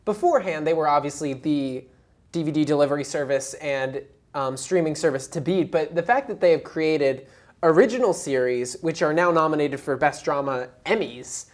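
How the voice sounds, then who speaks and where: A young woman with a notably low voice co-hosts a casual entertainment talk show. She chats in a bubbly, gushing way, full of "like" and "just", hopping between enthusiastic opinions. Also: normal speed, darkish tone. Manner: bubbly, gushing, filler-heavy. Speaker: co-host.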